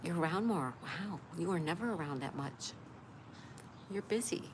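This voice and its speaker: A woman's voice: fairly low pitch, lively intonation, moderate pace. A woman hosting a casual live stream, chatting with her viewers and greeting them by name. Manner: chatty, greets viewers by name and reads their comments aloud. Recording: clear background noise.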